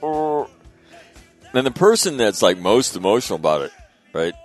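A middle-aged man hosts a casual talk radio show. His voice sits very low, and he tells stories animatedly, swearing freely and loudly acting out the voices in them. Faint music plays underneath. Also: sing-song, a little slow.

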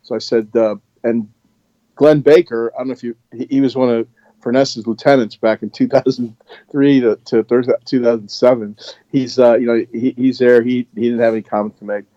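A man's voice: mid-range voice, fairly quick, no echo, dull audio. A man in his sixties, a former Marine instructor, telling a story in a rambling, casual way with many restarts. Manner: rambling, many restarts, animated when retelling.

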